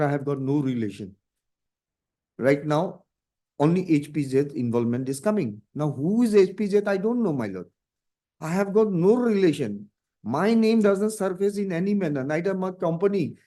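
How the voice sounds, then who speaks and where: A man's voice: fairly high pitch, mellow. A man arguing a case before a judge in a formal, deferential manner, reading documents aloud. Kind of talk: courtroom argument.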